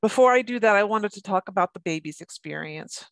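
A middle-aged woman giving a recorded lecture, talking in a halting way with many restarts and repeated words. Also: mid-range voice, expressive, dry recording. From United States. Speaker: presenter on birth trauma.

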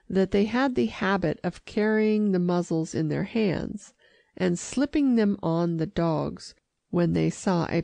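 A woman reading an audiobook aloud in a measured storytelling manner. Her voice is low-pitched and gravelly, and she reads slowly in a dry, close sound. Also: dark tone, no room sound. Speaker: audiobook reader. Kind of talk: audiobook narration.

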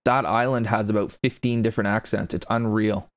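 A man's voice: on the low side, steady tone, fairly quick, no room sound, clean studio sound. A man casually commenting while playing a golf video game, chatty and self-deprecating, rambling between shots. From grew up with English parents, not in Britain. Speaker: gaming streamer playing golf.

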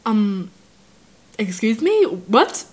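A woman's voice: medium pitch, big pitch swings, drawn-out words, slightly rough. A woman hosting a casual reaction video, bubbly and giggly, with playful mock outrage. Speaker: YouTube reaction host.

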